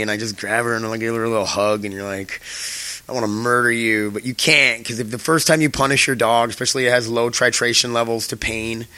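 Rambling, swearing podcast guy, bright voice. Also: mid-range voice, no room sound. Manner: rambling, swears freely, many fillers. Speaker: podcast host. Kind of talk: casual solo podcast chat.

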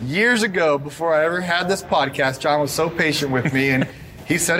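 A man's voice: on the high side, normal speed, fairly bright tone, a little hiss or hum. Upbeat man hosting a podcast. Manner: enthusiastic, rambling, repeats himself. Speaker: podcast host. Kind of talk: casual podcast chat.

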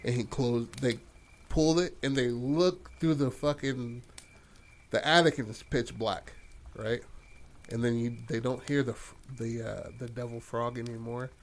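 A man's voice: medium pitch, fairly even intonation, measured pace. A man spins a made-up horror tale in casual podcast chat. His mid-range voice rambles loosely and is salted with curses and restarts. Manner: rambling and profane, full of fillers and restarts. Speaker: podcast host telling a story. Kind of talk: casual improvised storytelling.

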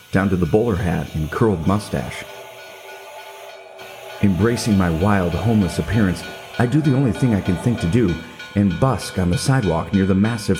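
A middle-aged man telling a scripted comedic story in a wry, self-mocking way. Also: sits low. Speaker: podcast narrator.

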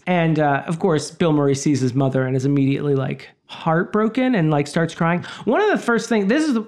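A man's voice: fairly high pitch, darkish tone. A man co-hosting a podcast, chatting casually about a film with plenty of fillers and asides. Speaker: podcast co-host. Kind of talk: casual movie discussion.

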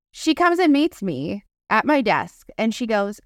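A woman co-hosting a casual podcast, telling a story in an animated way, swearing freely and acting out quoted voices. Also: on the high side, unhurried, dry recording, clean studio sound. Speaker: podcast co-host.

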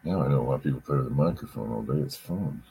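A man's voice: rumbling low, animated, fast talker, vocal fry, dark tone, slight background noise. A man chatting casually on a podcast, rambling through a story, repeating himself and swearing. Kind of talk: casual chat.

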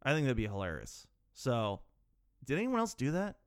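A man's voice: mid-range voice, wildly swooping pitch, moderate pace, clear, resonant tone. A man of thirty hosting his own solo podcast, rambling and self-mocking, growing exasperated as he talks. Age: 30s. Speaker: podcast host. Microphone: podcast microphone.

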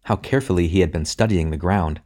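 Deep-voiced male audiobook narrator. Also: quick pace, warm tone. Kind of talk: audiobook reading.

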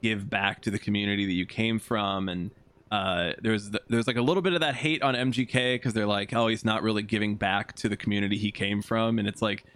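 A man's voice: on the low side, fairly even intonation, a little fast, a bit bright. A man hosting a podcast, asking rambling questions in a loose, casual way. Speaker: podcast host. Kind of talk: casual interview chat.

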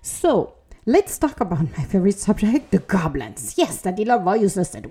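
Female podcast host with a lively, mellow voice who talks through self-help ideas expressively. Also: mid-range voice, normal speed, slightly rough. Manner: expressive, conversational, acts out inner voices. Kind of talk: reflective self-help talk.

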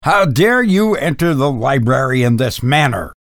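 A man's voice: mid-range voice, very animated, normal speed, dry recording, clean studio sound. A man reading aloud, voicing a proud young master of a house who talks sternly and indignantly.

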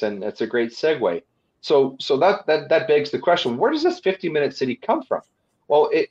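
A man's voice: mid-range voice, muffled recording. A man, a lawyer and guest on a webinar, explaining policy at length with frequent fillers and restarts. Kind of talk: webinar presentation.

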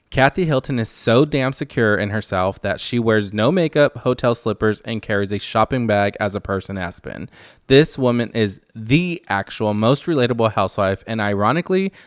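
Smooth-voiced man in gossipy chat. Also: on the low side, no room sound, clean studio sound. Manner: chatty, gossipy, acts out cast quotes. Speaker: reality TV recap host. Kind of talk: casual recap commentary.

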